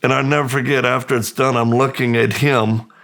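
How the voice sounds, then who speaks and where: A man from the United States, a guest in an interview, slowly and reflectively telling his life story with pauses and restarts. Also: medium pitch, level tone, vocal fry, fairly bright tone.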